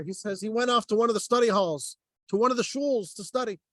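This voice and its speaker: High-voiced rabbi telling a lively story. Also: male voice, normal speed, pauses often, dry recording. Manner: animated storyteller acting out dialogue. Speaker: rabbi teaching a class. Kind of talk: storytelling Torah class.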